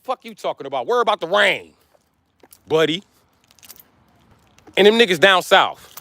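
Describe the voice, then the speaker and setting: Brief: American man in his forties, high bright voice with gravel, loud profane livestream rant. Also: lively intonation, moderate pace, no room sound. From United States. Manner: loud, blunt, cursing, ranting nonstop. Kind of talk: profane rant to a live stream.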